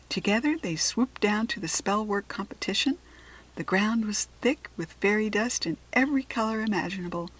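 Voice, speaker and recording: An American woman reading a children's storybook aloud in a gentle, expressive way. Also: medium pitch, breathy edge, poor audio. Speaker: children's book reader.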